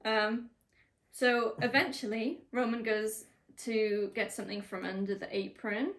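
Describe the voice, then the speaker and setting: A woman's voice: fairly high pitch, fairly even intonation, unhurried, fairly bright tone. Giggly woman chatting casually. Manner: giggly, laughs often. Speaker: podcast co-host. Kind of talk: casual chat reacting to wrestling.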